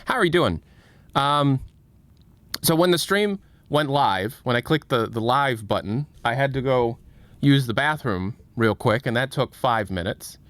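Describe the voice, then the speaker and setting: A man's voice: medium pitch, expressive, a little slow, a bit bright, no echo. A man hosting his own livestream, chatting casually in a rambling, self-mocking and profane way. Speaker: livestream host. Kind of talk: casual stream chat.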